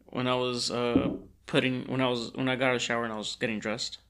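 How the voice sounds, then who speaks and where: A man's voice: medium pitch, flat delivery, fast talker, a bit bright, smooth. A young man co-hosting a podcast in casual chat, slangy and laughing as he tells stories. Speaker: podcast co-host.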